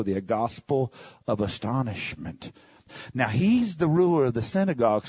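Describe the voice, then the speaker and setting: Preacher, male, husky, dry close sound, big swings from hush to shout. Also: no echo. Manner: swings from low murmurs to high shouted peaks; reads scripture aloud and paraphrases it in plain talk. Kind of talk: sermon.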